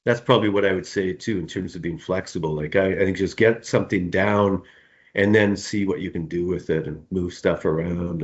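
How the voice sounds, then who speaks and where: A middle-aged male author answering interview questions in a relaxed, rambling way, often repeating words and laughing. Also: low-pitched. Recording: dull, muffled sound.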